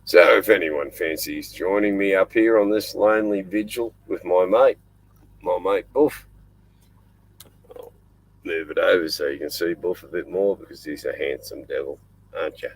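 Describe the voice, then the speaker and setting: A man's voice: low voice, moderate pace, husky, poor audio. An older Australian man hosting a casual live stream from inside his small boat at night, rambling and chatting in between fussing over his dog. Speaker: livestream host.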